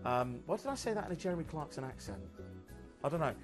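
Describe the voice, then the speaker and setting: Chatty man pitching cruises. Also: lively intonation, quick pace, faint music behind. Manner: chatty, many fillers, upbeat. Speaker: cruise show presenter. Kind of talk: enthusiastic sales chat.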